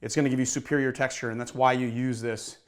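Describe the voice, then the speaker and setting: A man's voice: medium pitch, little pitch movement, fast. A man hosting a casual cocktail-making lesson, chatting easily and a little out of breath as he mixes and shakes drinks. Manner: chatty, self-deprecating, talks while mixing and shaking. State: slightly out of breath. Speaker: bartender and cocktail show host.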